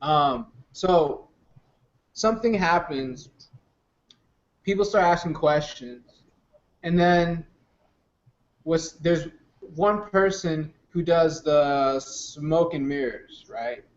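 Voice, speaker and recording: A man co-hosting a casual podcast, speaking in a relaxed, laid-back way. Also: a little high, takes it slowly, pauses often. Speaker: podcast co-host. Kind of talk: casual chat. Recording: dull lo-fi podcast audio.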